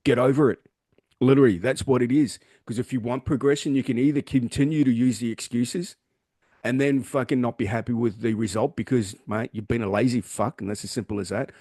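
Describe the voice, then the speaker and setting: A man's voice: mid-range voice, fairly even intonation, fairly quick, warm tone, no room sound, clean studio sound. A man co-hosting a podcast and talking as a gym trainer in casual motivational chat, blunt, emphatic and full of swearing. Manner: blunt, heavily profane, emphatic.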